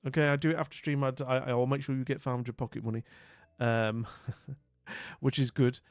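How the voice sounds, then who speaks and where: A man's voice: mid-range voice, level tone, fairly quick, clear, resonant tone, no echo, faint music behind. A man from northern England, a streamer with a northern English accent, chatting casually and rambling, with restarts and friendly greetings, a bit weak after being ill. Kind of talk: casual live-stream chat.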